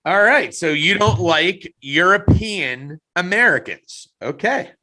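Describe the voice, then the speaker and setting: A fairly high, bright male voice that swings widely in pitch as he jokes and teases his co-host through a casual wrestling chat. He is quick to tease and prone to loud, excited outbursts. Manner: jokey, teasing, excitable outbursts.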